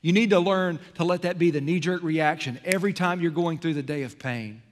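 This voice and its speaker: A man preaching a sermon as pastor, swinging between loud emphasis and hushed, quiet passages. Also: fairly high pitch, a little fast. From American South. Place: church sanctuary. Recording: long hall reverb in a church sanctuary.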